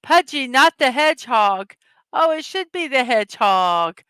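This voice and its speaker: A woman hosts a casual morning stream, chatty and upbeat, and greets her viewers by name. Her voice is fairly high, bright and smooth, and she takes her time. The sound is dry and close. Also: lively intonation, no echo. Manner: reads words slowly one at a time. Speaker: host of a daily morning show. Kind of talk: casual livestream chat, reading puzzle words and memes aloud.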